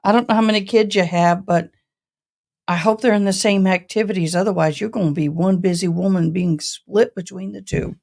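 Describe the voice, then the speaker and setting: A woman's voice: medium pitch, fairly even intonation, a little fast, gravelly, darkish tone. A woman in her forties with a Southern accent from Tennessee and Texas, hosting a casual live stream and chatting with viewers by name in a folksy way. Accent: mixed East Tennessee and Texas Southern. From Tennessee, raised in Texas. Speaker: livestream host.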